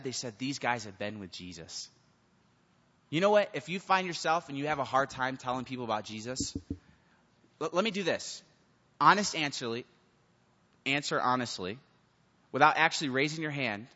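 A male youth pastor delivering a sermon with lively, swinging pitch, acting out the people in his story. His voice sits a little high for a man. It echoes with long reverb through a big hall and sounds a little dull. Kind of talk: sermon to teens.

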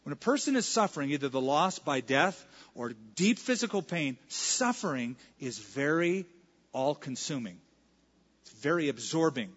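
A man's voice: fairly high pitch, animated, moderate pace, fairly bright tone, slightly rough. A male pastor preaching a sermon in a conversational way, now and then acting out the lines of scripture. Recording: reverberant hall, dull lo-fi sound.

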